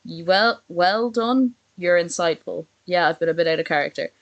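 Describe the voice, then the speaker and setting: Woman live streaming from home, sarcastic running commentary, kinda low voice. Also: moderate pace, highs cut off. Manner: chatty, sarcastic, reads messages aloud in put-on voices. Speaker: streamer reacting to a video.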